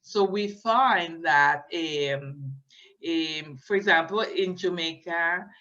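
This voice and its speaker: Slow, hesitant woman lecturing. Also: on the low side, sharp tone. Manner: hesitant, many fillers, checks in with "okay?". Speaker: linguistics lecturer. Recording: dull lo-fi recording.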